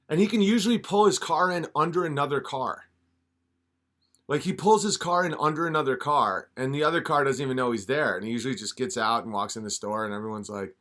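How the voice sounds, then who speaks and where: Rambling animated male podcast host. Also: fairly high pitch. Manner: rambling, restarting mid-sentence. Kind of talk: casual comedic rant.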